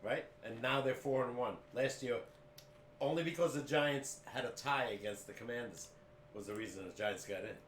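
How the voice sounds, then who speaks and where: A man's voice: mid-range voice, normal speed, a bit bright, roomy sound, a little hiss or hum. A man co-hosting a sports podcast, talking steadily and plainly, reeling off team records in casual chat. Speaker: podcast co-host, father of the other host.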